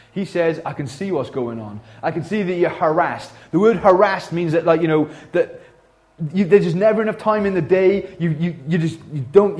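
A man's voice: on the high side, darkish tone. A man preaching a sermon in a church, speaking in a conversational way with many fillers and restarts. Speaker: pastor.

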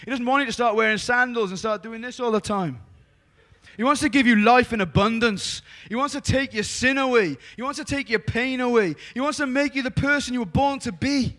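Welsh male preacher, high sharp voice, lively and jokey, loud calls then quiet confiding. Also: brisk. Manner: energetic and joking, swinging from loud calls to soft confiding. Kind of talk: lively evangelistic sermon.

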